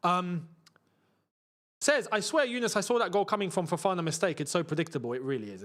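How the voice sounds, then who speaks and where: Male streamer, fairly high voice, loose live football commentary with exasperated repeats. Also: animated, a little fast, fairly bright tone. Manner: frustrated outbursts, repeats himself. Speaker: football watchalong host. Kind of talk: live casual commentary while reading chat.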